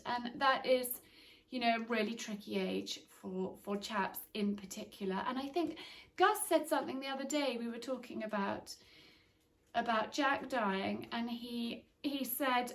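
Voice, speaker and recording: A woman's voice: fairly high pitch, far from the mic. A middle-aged woman chatting casually to camera at home, rambling a little with frequent restarts. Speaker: vlogger. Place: home indoors.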